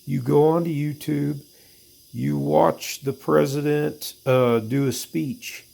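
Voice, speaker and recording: A man's voice: on the high side, steady tone, takes it slowly, creaky, mellow. A man delivering a profane, exasperated, rambling comedic rant to his viewers. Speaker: vlogger.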